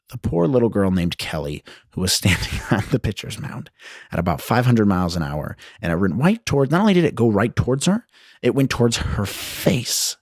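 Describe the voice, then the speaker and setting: A man's voice: deep voice, no echo, clean studio sound. A young man hosting a casual solo podcast, telling a story in a rambling, self-deprecating way and laughing often. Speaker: podcast host. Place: his old high school bedroom.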